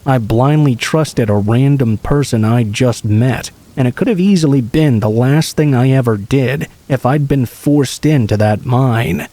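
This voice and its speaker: A man calmly reading true scary stories aloud as a steady, scripted horror narration. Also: medium pitch, unhurried, few pauses.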